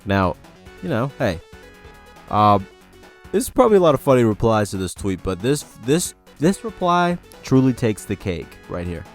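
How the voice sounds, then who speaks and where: A man's voice: medium pitch, very animated, moderate pace, soft background music. A man hosting a casual commentary video, reacting to posts in a wry, exasperated way. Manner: wry and exasperated, with mock warnings.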